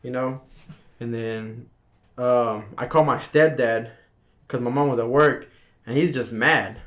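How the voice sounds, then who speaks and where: A young man chatting on a podcast, spinning a long, rambling story in a mid-pitched voice. He talks casually and with energy, dropping "bro" into nearly every sentence. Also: measured pace. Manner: rambling, animated, says "bro" constantly. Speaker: podcast guest.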